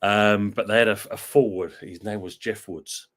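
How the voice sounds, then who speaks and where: A man's voice: fairly low pitch, fairly even intonation, normal speed, fairly bright tone. A middle-aged man, co-hosting a casual chat and telling old football stories with plenty of swearing. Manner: swears freely, tells football stories animatedly. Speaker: podcast co-host.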